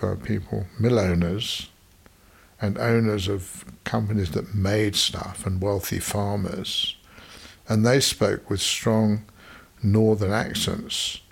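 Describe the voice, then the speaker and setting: An older man reminisces in a low voice with a husky, gravelly grain. He tells his stories in a digressive, wry manner, drifting from one anecdote to the next like a seasoned podcast storyteller. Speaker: podcast storyteller recalling his business past. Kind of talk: reminiscing monologue.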